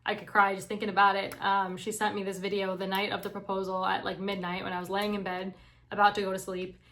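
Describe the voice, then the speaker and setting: A woman's voice: medium pitch, monotone, fast talker, fairly bright tone. A young woman speaks to her viewers in a casual, heartfelt vlog. Her talk is earnest and encouraging, and her voice stays level with little rise and fall. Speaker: vlogger.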